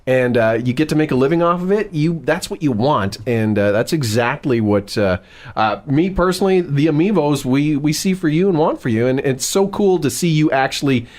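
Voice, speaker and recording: A man's voice: on the high side, lively intonation, normal speed, a little mellow. A man co-hosting a podcast, talking casually and rambling through his thoughts. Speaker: podcast co-host.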